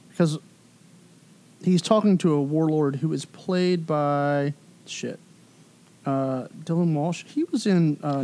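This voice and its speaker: A man's voice: a little high, warm tone. A man in his thirties chatting casually and telling a rambling story full of fillers and swearing. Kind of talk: casual chat.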